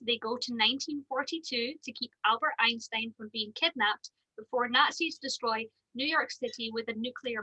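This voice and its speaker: A woman's voice: high voice, bright, forceful tone, husky, dry recording, low-quality recording. A woman co-hosting a casual fan podcast, chatty and giggly, with lots of ums. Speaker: podcast co-host.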